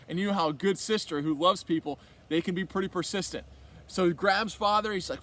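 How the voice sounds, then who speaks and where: Male retreat speaker, higher register, casual storyteller, rambling delivery with lots of quoted dialogue. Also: quick pace, a bit bright, a little hiss or hum. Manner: conversational, rambling, with many restarts and quoted dialogue. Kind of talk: casual faith talk telling a story.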